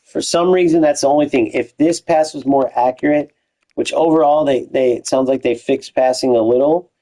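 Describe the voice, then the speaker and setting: A young man commentates his own football video game stream, loose and talkative. His voice sits at an ordinary middle pitch, and he keeps chatting to his viewers with slang and restarts. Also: normal speed, mellow, poor audio. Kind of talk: casual gameplay commentary to live chat.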